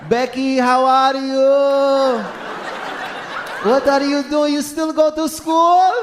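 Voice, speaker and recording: A comedian voicing a loud, pushy older shawarma shop owner firing rapid questions. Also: male voice, extremely high pitch, level tone, background noise, voice pushed up, heavily acted. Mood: fawning. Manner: shouting, rapid-fire questions.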